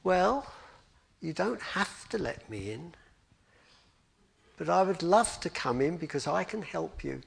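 Storybook figure: a kind, patient talking candle, put on by a man, high and expressive. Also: slow, gravelly, pauses often, slightly rough, heavily acted. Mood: gentle, loving. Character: gentle loving talking candle.

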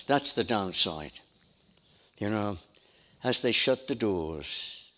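A man's voice: lowish voice, bright, forceful tone. Emphatic preacher, man. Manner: emphatic, repetitive preaching cadence. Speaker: pastor. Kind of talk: sermon.

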